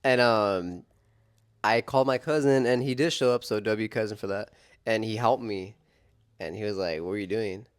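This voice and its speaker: A man's voice: on the low side, normal speed, clean tone. A young man casually telling a story on a couple's vlog, laid-back and slangy, swearing and saying "dude" and "bro". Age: young adult.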